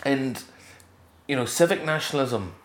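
A middle-aged Scottish man, a guest in a casual interview, telling stories with lively jumps in pitch. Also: normal speed, roomy sound. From Scotland. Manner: animated storyteller, leaps up in pitch for emphasis.

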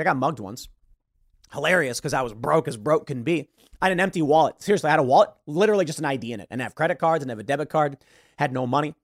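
A man's voice: on the high side, rapid-fire, dry recording. Sarcastic man with a dry, close sound. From Chicago, USA. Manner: sarcastic, storytelling. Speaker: show host. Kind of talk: political commentary monologue.

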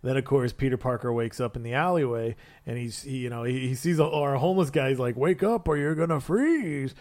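A man's voice: medium pitch, fast. A man co-hosting a casual podcast, telling a story with lots of energy and dropping into goofy voices for the characters. His speech is loose and chatty, full of fillers and restarts. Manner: animated storyteller, acts out quotes in funny voices. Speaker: podcast co-host. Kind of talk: casual chat, retelling a comic story.

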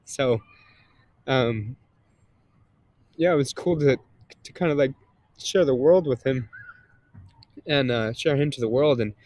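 A man's voice: medium pitch, slow pace, long pauses, a little mellow, no echo. A man, a guest and content creator, chatting casually in an interview with a slightly nasal voice, rambling with many fillers and restarts.

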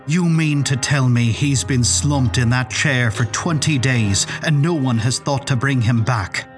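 A man voicing a gruff, blustering, sneering sceptic. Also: medium pitch, unhurried, soft background music, close to an everyday voice.

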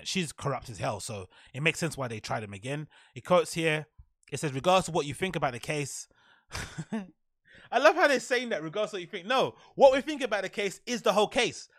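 A man's voice: on the high side, a bit bright, no room sound. A man hosting a podcast, ranting sarcastically through the news with plenty of slang. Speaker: podcast host. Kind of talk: casual commentary.

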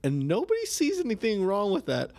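A man's voice: high voice, huge pitch swings, a little fast, a little mellow, dry recording, clean studio sound. A man co-hosting a casual comedic chat, riffing animatedly with laughs.

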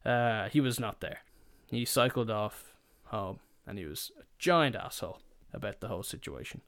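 A man's voice: fairly low pitch, expressive, moderate pace, fairly bright tone, no echo. Rambling profane guy telling stories. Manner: rambling, profane, self-mocking. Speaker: podcast host. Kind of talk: casual storytelling.

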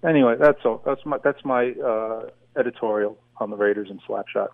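A man's voice: medium pitch, brisk, gravelly, dry recording. A man calling in to a sports radio show, rambling with lots of fillers. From New York. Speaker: radio caller. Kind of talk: phone-in chat. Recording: tinny phone line.

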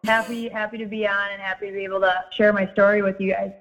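A woman in her twenties with a Minnesota accent, a guest chatting casually in an interview, friendly and halting with frequent ums. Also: mid-range voice, flat delivery, a bit bright, low-quality recording. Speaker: guest, former college hockey player and coach.

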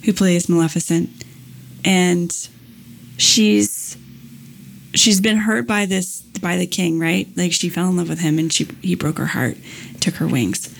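Telling a long, animated story packed with "like" and "um," this woman chats casually as a podcast guest. Her voice is fairly low and creaky, and she keeps a measured pace.

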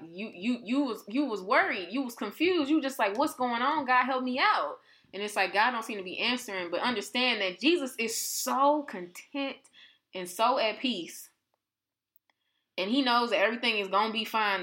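A woman co-hosting a podcast, chatting casually about faith and acting out quotes with lots of energy. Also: mid-range voice. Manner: animated, conversational, acts out quotes. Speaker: podcast co-host.

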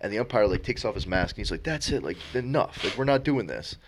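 Animated young man, lowish voice. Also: fast talker, slight background noise. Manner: animated storyteller, acts out quotes. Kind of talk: casual chat.

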